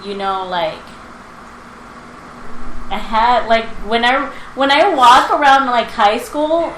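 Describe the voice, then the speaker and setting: A woman in her twenties chatting casually and telling a story, animated, with lots of fillers and acted-out quotes. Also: on the high side, takes it slowly. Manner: animated, filler-heavy, acts out quotes with laughter. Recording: roomy with background noise.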